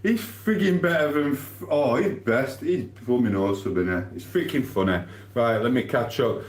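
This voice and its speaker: On a live stream, a man with a Sheffield accent from Yorkshire, England, reads viewer comments aloud amid rambling, laughing banter. He talks at a normal speed with a medium pitch, and the sound is roomy.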